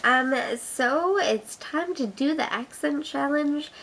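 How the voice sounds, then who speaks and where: A woman from Canada with a cold, speaking in a gruff voice, chatting casually through a vlog challenge with a self-deprecating, filler-filled manner. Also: high-pitched, takes it slowly, fairly bright tone. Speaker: vlogger.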